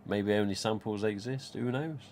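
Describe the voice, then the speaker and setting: A man's voice: fairly low pitch, moderate pace, a little mellow, slight background noise. A man, hosting a casual live stream about collectible masks and reading viewer comments aloud in a rambling, chatty way.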